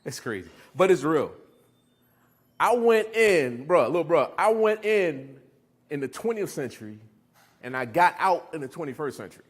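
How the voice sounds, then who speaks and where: A middle-aged recovery speaker gives a motivational talk to a live audience, animatedly telling stories, laughing and quizzing the crowd. His voice is husky and fairly high, at a normal speed.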